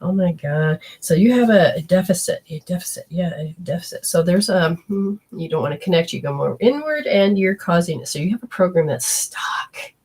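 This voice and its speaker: A woman hosting a show as a psychic medium, talking casually and bluntly as she passes on spirit messages in quick, fragmented bursts and swears freely. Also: lowish voice, animated, a little mellow, slightly rough.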